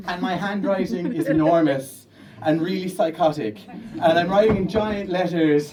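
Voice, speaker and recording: A young Irish man with a Kerry accent tells a true comic story on stage in a lively, animated way. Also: sits high, moderate pace, far from the mic, a loud crowd, heavy background noise. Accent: Irish, County Kerry. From Ireland. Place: storytelling stage before an audience.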